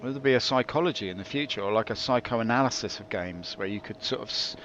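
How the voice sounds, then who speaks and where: A man's voice: medium pitch, fast, a bit bright, muffled recording, a little hiss or hum. A man giving rambling, jokey commentary over his gameplay, drifting into mock-philosophical musings. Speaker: game streamer.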